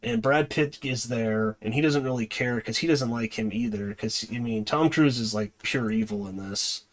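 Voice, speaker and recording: Male movie reviewer, mid-pitched, casual and rambling, lots of fillers and self-corrections. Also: normal speed. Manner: hesitant, many fillers and restarts. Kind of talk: casual spoken plot recap.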